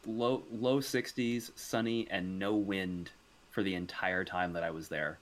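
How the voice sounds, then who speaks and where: Low-voiced rambling male co-host. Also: fairly even intonation, unhurried. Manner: rambling, swears, many restarts. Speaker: podcast co-host. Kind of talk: casual chat.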